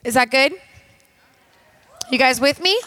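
A woman's voice: sits high, a little slow, bright, forceful tone, slight background noise. A woman minister preaching a sermon in an emphatic, direct and conversational way, talking straight to her audience.

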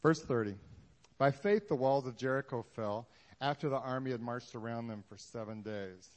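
A man's voice: mid-range voice, normal speed. Casual, joking preacher man. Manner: casual, joking preacher who acts out Bible scenes. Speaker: pastor. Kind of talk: sermon.

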